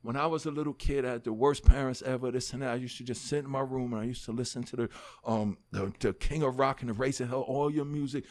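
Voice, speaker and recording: A man's voice: mid-range voice, fast talker, hardly any pauses. A middle-aged man with a New York accent, a rapper telling a long story as a podcast guest, acting out the voices of other people and swearing freely. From United States. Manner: animated storyteller who acts out dialogue, swears freely. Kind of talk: storytelling in a casual interview.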